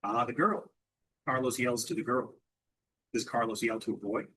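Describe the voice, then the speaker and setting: A man's voice: medium pitch, fairly even intonation, moderate pace, bright, forceful tone, rough recording. A man teaching English through a question-and-answer drill, asking simple questions and repeating the answers back.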